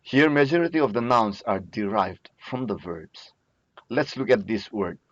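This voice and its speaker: A low-voiced man, talking through a lesson at an unhurried, deliberate pace. He explains patiently and says key words twice. The sound is dry and a bit dull, like a lo-fi lecture recording. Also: expressive, no echo. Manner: slow, patient explaining with frequent repetition. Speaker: teacher.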